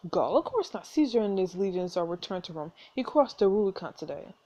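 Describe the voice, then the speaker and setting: A swaggering, mocking Roman commander from a story game, played by a woman reading the lines aloud. The delivery is smug and taunting, and the voice stays soft and mellow. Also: medium pitch, big pitch swings, fairly quick.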